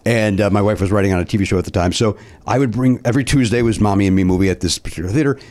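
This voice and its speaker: A man's voice: lowish voice, very fast, a little mellow. A middle-aged man, a comedian and co-host, chatting casually and telling rambling stories that trail off and restart. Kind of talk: casual chat.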